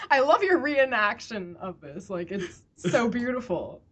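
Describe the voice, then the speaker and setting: A woman's voice: a little high, sing-song, takes it slowly, fairly bright tone, husky. Giggly, chatty woman podcast host. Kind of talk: casual chat.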